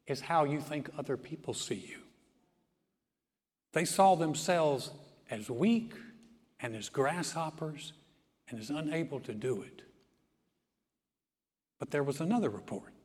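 A male pastor preaching a sermon, dramatic as he acts out the voices he quotes. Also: fairly high pitch. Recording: long reverb of a large hall.

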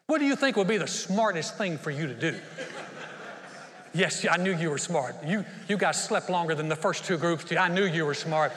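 A man's voice: sits high, moderate pace, in a large hall. A male pastor preaching a sermon, animatedly telling stories and acting out the dialogue. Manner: animated storytelling, acts out dialogue.

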